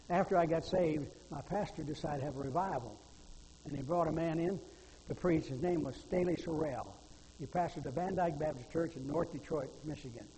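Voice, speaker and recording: An older male preacher with a high voice delivers a sermon in a church. He moves between homespun storytelling and fervent pleading. The sound carries a long hall reverb and a faint hum of background noise. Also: moderate pace, dark tone. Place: church sanctuary.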